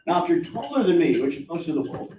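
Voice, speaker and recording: A man's voice: on the high side, sing-song, fast, a little mellow, slight background noise. Upbeat male drum teacher in an echoey room. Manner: upbeat, encouraging, self-deprecating jokes. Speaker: taiko instructor. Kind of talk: leading a live audience drumming workshop. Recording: echoey room from far off, faint music.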